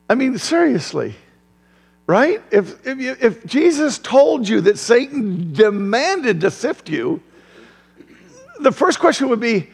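A male pastor preaching a sermon in a church, lively, throwing questions to the crowd and chuckling often. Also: high-pitched, measured pace, gravelly, pauses often, breathy edge, big-room sound.

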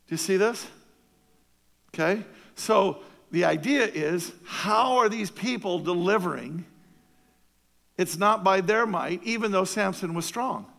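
High, gravelly-voiced pastor in a hall. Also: male voice, a bit bright. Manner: earnest, emphatic, repeats phrases for stress. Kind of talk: sermon.

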